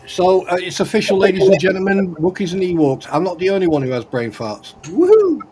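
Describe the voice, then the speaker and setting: Male co-host, fairly high voice, loud jokey banter, heavy line noise. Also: a little fast. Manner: joking, swears freely, bursts into loud laughs. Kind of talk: casual banter on a livestream call. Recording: noisy livestream call audio.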